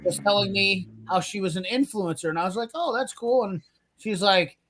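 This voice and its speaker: A man's voice: sits high, moderate pace, noisy background. A man hosting a casual garage-talk livestream, telling a rambling story, acting out quotes and laughing often. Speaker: podcast host.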